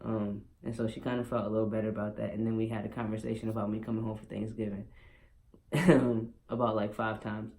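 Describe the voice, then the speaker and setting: A man's voice: fairly low pitch, flat delivery, fast talker, darkish tone, slight background noise. Candid young man telling a personal story. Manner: emotional, candid, many fillers. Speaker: vlogger.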